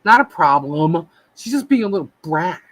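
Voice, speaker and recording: A talkative woman co-hosts a relaxed live chat with a bright, forward tone. She tells stories about her animals and plays out their voices. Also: fairly low pitch, moderate pace, low-quality recording. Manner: chatty storyteller, acts out her pets. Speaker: co-host.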